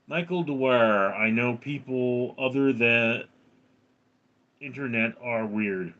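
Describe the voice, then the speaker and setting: A man in his thirties chats casually on a live stream, reading viewers' names aloud and tossing back crude jokes. His voice is bright and forceful, and he talks at an unhurried, drawn-out pace. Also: mid-range voice, highs cut off. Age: 30s.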